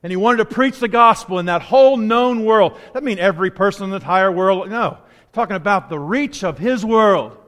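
A man's voice: high-pitched, expressive, fairly quick, hardly any pauses, fairly bright tone. A man preaching a sermon in a conversational, storytelling way, with asides, in a church sanctuary with a long hall echo.

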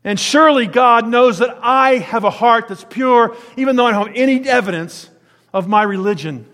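A man delivers a sermon in a high voice. He moves between hushed, low-pitched asides and loud, emphatic declarations. The sound carries a long reverb, like a large church hall. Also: moderate pace. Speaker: preacher.

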